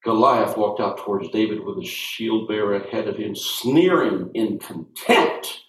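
A male pastor preaching a sermon, animated and calling on his congregation, sometimes shouting. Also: lowish voice, unhurried. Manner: shouting at peaks. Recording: roomy hall sound from far off.

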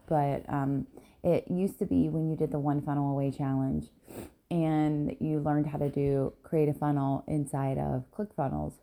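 A woman with a low, dark-toned voice hosts a casual solo podcast; she is a business coach. Tired and yawning in the early morning, she talks candidly and rambles a little, dropping many ums and "right?" tags.

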